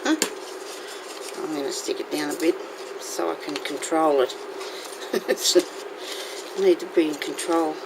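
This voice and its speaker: A woman's voice: low voice, steady tone, unhurried, pauses often. A woman hosting a casual crafting tutorial, chatting to her viewers and talking to herself as she works. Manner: chatty, talks to herself while working. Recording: noisy home recording.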